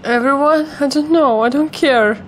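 A woman's voice: high voice, moderate pace, slight background noise. A woman commenting on her own gameplay, swearing a lot and shrieking when startled. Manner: swearing, yelping and shrieking at scares; talks to herself and the viewers. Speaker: gamer playing a let's play.

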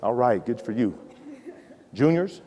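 A man in his forties giving a playful, animated motivational talk to students and calling out to the audience. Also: medium pitch, a little slow. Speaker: college president giving a talk. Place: large hall with a live audience. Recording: hall reverb.

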